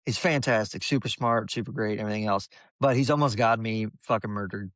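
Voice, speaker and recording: A man's voice: lowish voice, a little fast, a bit bright, dry recording, clean studio sound. A man hosting a podcast, telling a story in a blunt, profane, casual way.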